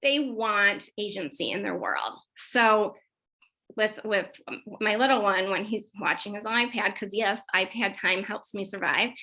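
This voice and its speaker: Bright-voiced, chatty woman psychologist. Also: mid-range voice, a little slow, poor audio. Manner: chatty, animated, checks in with listeners. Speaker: clinical psychologist leading a parent workshop. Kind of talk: informal workshop presentation.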